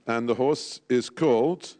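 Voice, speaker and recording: A man's voice: mid-range voice, a little mellow. A man emceeing a live race draw, playful and teasing with frequent chuckles. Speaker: master of ceremonies at a race draw. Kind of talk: live event announcing.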